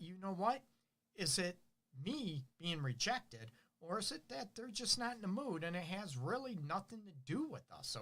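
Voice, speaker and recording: Animated male relationship counselor. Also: a little high. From Detroit. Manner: animated, asks rhetorical questions, acts out partners' lines. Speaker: relationship counselor hosting a show. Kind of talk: casual advice monologue.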